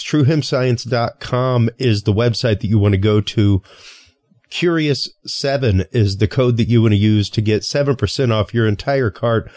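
A man's voice: medium pitch, a little mellow, no room sound. Guy hosting a podcast, lots of ums and restarts, dry mic. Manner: halting, many fillers and restarts. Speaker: podcast host. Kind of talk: casual interview chat.

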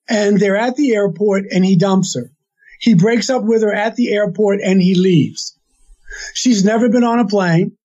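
High, husky man telling a story. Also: a little mellow. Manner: rambling, with restarts and quoted dialogue. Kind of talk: casual retelling of an anecdote. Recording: dull lo-fi sound.

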